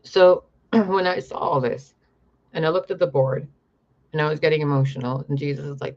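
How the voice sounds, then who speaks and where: A man's voice: fairly high pitch, fairly even intonation, moderate pace, muffled recording. A young man talking in a rambling, profane monologue to camera about his spiritual visions. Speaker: spiritual vlogger.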